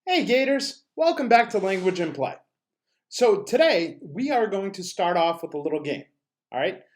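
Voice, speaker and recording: A man's voice: high voice, very animated, moderate pace, background noise. Upbeat man leading a drama class. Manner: upbeat, leads call-and-answer chants. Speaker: drama teacher. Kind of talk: energetic classroom instruction.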